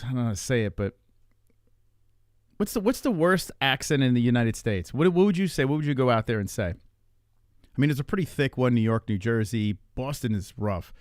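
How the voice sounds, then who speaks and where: A man's voice: mid-range voice, a little mellow, dry recording, clean studio sound. Rambling man with an East Coast accent. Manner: rambling, trailing off and restarting. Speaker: streamer host. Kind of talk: casual live-stream chat.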